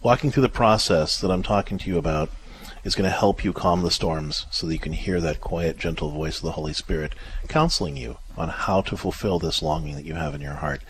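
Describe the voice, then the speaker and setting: A man hosting a call-in radio advice show, gentle and reassuring, his voice often dropping softer at the ends of phrases. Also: low voice, brisk, slight background noise. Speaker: radio show host and counselor.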